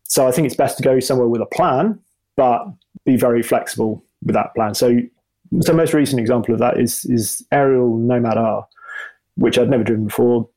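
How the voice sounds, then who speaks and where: Gravelly man, rambling. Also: mid-range voice, fairly quick, dark tone, poor audio. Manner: rambling, self-deprecating, many restarts. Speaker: motoring journalist and video presenter. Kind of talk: reflective interview answers.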